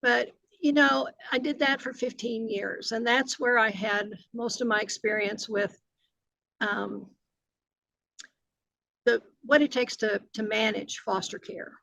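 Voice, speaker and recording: A woman's voice: on the high side, fairly even intonation, measured pace, gravelly, a bit bright, dry recording, poor audio. An older woman, a retired agency director answering interview questions earnestly, with many fillers and restarts.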